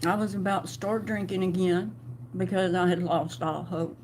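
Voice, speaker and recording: A middle-aged woman tells her story in an emotional personal vlog, halting and restarting often. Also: fairly low pitch, fairly even intonation, a little mellow, slight background noise. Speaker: vlogger.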